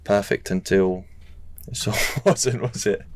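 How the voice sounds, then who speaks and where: A young man, telling his story in a relaxed, rambling way full of restarts and fillers, as a podcast guest. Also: fairly low pitch, a little slow, dry recording. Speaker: guest racing rider. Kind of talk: casual interview chat.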